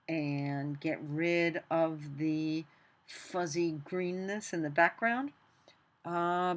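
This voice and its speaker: Speaking in a lowish voice, a woman narrates a screen-recorded software tutorial, chatting and poking fun at herself as she works.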